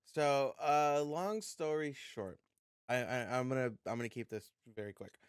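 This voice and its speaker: A young man co-hosting a podcast, telling an animated, profane story in casual chat. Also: mid-range voice, moderate pace, clean tone, dry recording, clean studio sound. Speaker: podcast co-host.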